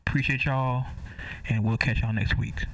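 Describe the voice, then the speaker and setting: A man's voice: medium pitch, fairly even intonation, normal speed, gravelly, a bit bright. A man hosting a podcast in casual chat, laid-back and talking straight to his listeners. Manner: laid-back, conversational, speaking to listeners directly. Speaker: podcast host. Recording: slightly distant mic with faint noise.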